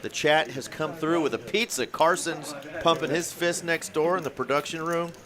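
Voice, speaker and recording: A man doing live poker commentary in an upbeat, chatty way, giving shout-outs to the viewers. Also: a little high, normal speed, crowd noise.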